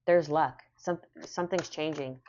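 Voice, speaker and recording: Woman, tarot reader, low voice, lo-fi dull sound, repeats phrases, affirming. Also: steady tone, slow pace, darkish tone, a little hiss or hum. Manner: repeats phrases, soothing and affirming, laughs to herself. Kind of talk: casual spoken tarot reading.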